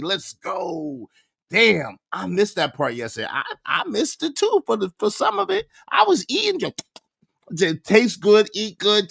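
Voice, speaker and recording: A man hosting a livestream, chatting casually with an animated, slangy delivery and rhythmic shout-outs to the chat. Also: high-pitched, gravelly, no echo, studio quality. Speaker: livestream host.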